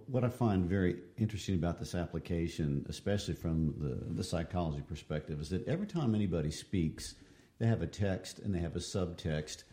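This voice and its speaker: A man's voice: low-pitched, warm tone. A man in a casual book discussion, talking in a thoughtful, reflective way. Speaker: co-host discussing a novel.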